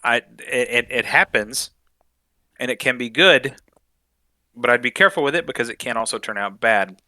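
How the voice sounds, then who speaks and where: Southern man, podcast co-host, bright tone, frank and easygoing, dry close sound. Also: mid-range voice, normal speed, no room sound. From American South. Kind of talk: casual podcast chat.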